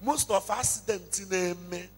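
A man's voice: high voice, husky, poor audio. A man preaching a sermon, switching between English and Igbo and breaking into song. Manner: preaching with slow, drawn-out bursts into singing. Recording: music playing under the voice.

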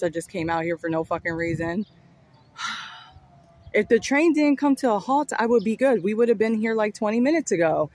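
A woman vlogger with a lowish, darkish voice talks straight to her viewers in a chatty, rambling way, recording on a phone outdoors. She's by a street and train station, and street noise and passing vehicles can be heard.

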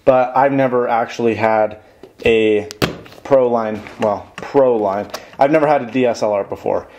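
A young man hosting a casual unboxing vlog, chatty and excited, rambling and correcting himself as he goes. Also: mid-range voice, normal speed, background noise. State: out of breath. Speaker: tech YouTuber.

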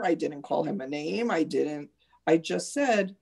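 A woman's voice: deep voice, expressive, a little slow, vocal fry, a little mellow, husky. A woman teacher in a live online discussion, earnestly recounting classroom stories.

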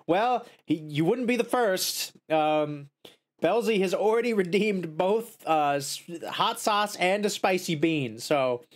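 Man, streamer, casual snack-tasting chat, excitable, high squeals, savoring murmurs. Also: takes it slowly. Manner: excitable, swings into high squeals of joy and dismay; savoring, murmurs and mm sounds while eating.

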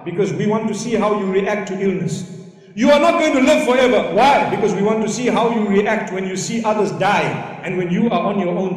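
A man preaching a sermon, telling a story with animated, rising emphasis, in a large lecture hall. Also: sits high, distant mic. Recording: echoey hall with long reverb.

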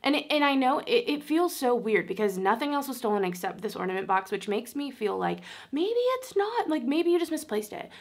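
A woman's voice: a little high, sing-song, fairly quick, hardly any pauses. A young woman vlogger venting at home in a casual chat, close to tears and full of "like" fillers. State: tearful. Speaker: beauty vlogger. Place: at home, indoors.

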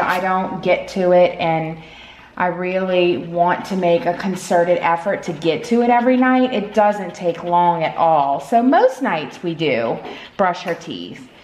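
A woman chatting casually at home as a pet vlogger, filling her talk with "you know.". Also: mid-range voice. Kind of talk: casual chat. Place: home at night. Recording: echoey room.

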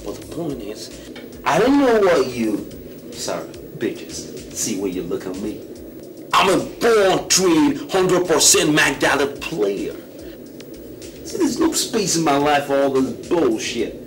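A man's voice: a little high, sing-song, takes it slowly, a little hiss or hum. An actor playing an arrogant young womanizer with a slangy, swaggering Nigerian accent who lashes out at his girlfriend. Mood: smug. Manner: cocky slangy swagger, swings into shouting.

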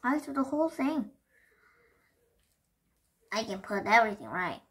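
A woman voicing a sleepy old owl in a children's storybook, telling what it saw in a quick, eager rush. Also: a little high, very animated.

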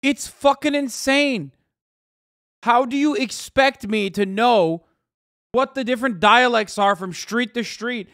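A man streaming, reacting to videos in casual, profane, animated chat. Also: very high voice, takes it slowly, no room sound, clean studio sound.

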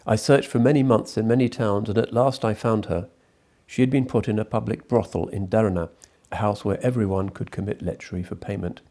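A man's voice: lowish voice, fairly even intonation, a little fast, hardly any pauses, mellow. Man reading as grieving old Libyan chief. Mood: grave.

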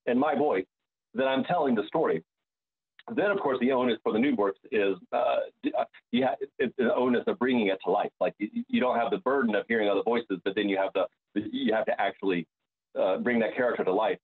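Brief: American opera bass as interview guest, mid-pitched, searching and full of fillers, heard over a thin phone-like line. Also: male voice, breathy edge. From United States. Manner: searching, restarts sentences, many fillers. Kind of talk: reflective interview conversation.

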